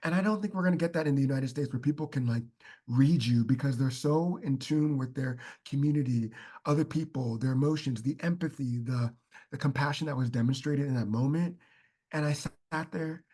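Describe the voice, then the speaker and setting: Podcast guest, male, husky voice, mid pitch, earnest storyteller, chatty fillers. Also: brisk, dark tone. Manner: heartfelt storytelling, many fillers like "like". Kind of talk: casual podcast chat.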